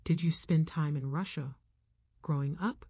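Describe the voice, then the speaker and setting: A woman voicing a guarded young Irish woman who asks wary questions, in a husky, low voice. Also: fairly even intonation, a little slow, dry recording, full character voice. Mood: curious. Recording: dull, muffled dry sound.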